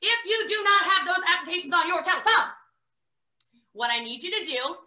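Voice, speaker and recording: A high-pitched, very bright American woman in her thirties, talking fast and bossy as she coaches her viewers through a live training. She jokes as she goes. Her voice rings around a roomy space. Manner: fast, energetic, bossy, joking. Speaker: network marketing trainer. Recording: roomy echo.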